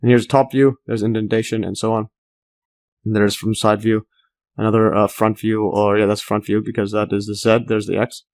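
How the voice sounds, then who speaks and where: A man's voice: fairly low pitch, level tone, fairly quick, darkish tone. A man explaining a math graph as he works, thinking aloud with many fillers, restarts and enthusiastic asides. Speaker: math tutor. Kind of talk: casual screen-recorded math walkthrough.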